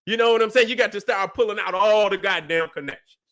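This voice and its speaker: Talking fast in a high, slightly bright voice, a man running a livestream moralizes at his viewers. He is profane and emphatic, forever asking "you see what I'm saying" to check they keep up.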